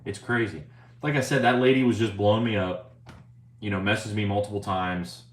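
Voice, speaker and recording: A man's voice: fairly low pitch, steady tone, brisk. Profane rambling young guy streaming. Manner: rambling, profane, says "bro" often; reads viewer chat aloud. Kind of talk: casual live-stream chat. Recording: roomy, faint ambient noise.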